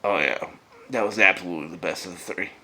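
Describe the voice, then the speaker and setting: A man casually chatting to camera as a vlogger, loose, profane and enthusiastic, often dropping to a hush. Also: sits low, fast talker, slight background noise. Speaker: vlogger reviewing beer and vape pairings.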